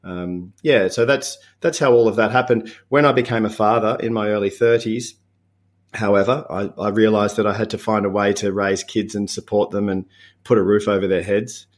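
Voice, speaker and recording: A man in his fifties with an Australian accent, a podcast guest talking in a relaxed, reflective way with frequent chuckles and halting restarts. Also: on the low side. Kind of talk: casual interview chat.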